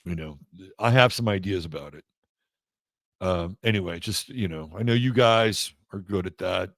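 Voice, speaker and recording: Low-voiced man, halting casual talk. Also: fairly bright tone, no room sound. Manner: halting, many fillers and restarts. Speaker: astrology show host. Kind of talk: casual spoken monologue.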